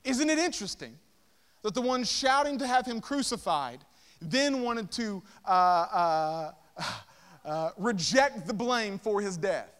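A pastor preaching a sermon, firing rhetorical questions and casual asides with emphatic delivery. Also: male voice, high voice, animated, takes it slowly, fairly bright tone. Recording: long reverb of a large hall.

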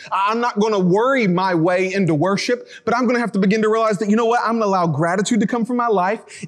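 High-voiced male preacher in a big hall. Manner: casual, conversational preaching with slang asides. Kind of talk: sermon. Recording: reverberant hall.

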